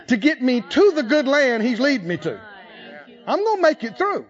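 A man's voice: very high-pitched, very animated, normal speed. A man preaching a sermon with emphatic calls for the congregation to answer back. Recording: slightly muffled recording.

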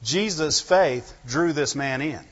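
Male pastor, conversational sermon with chuckles, slightly high voice, long hall reverb. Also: takes it slowly, dull audio. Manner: keeps asking the congregation "right?" and "amen?"; chuckles between points. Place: church hall.

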